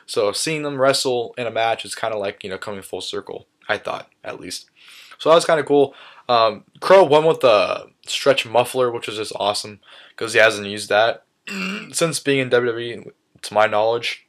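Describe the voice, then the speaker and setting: A man's voice: medium pitch, expressive, normal speed, a bit bright. Enthusiastic young man recapping casually. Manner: enthusiastic, repeats "awesome" with many fillers. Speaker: vlogger recapping a live wrestling event.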